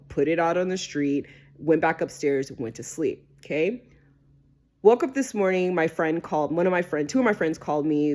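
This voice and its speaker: A woman vlogger telling a personal story to camera in a casual, animated way, stressing words and swearing freely. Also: deep voice. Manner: animated, emphatic, peppered with swearing and "right?".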